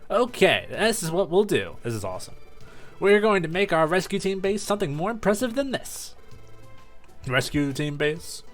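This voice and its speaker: A man's voice: high-pitched, big pitch swings, moderate pace, soft background music, voice pushed up. A man voicing a cheerful young rescue team hero from a game, earnest and upbeat.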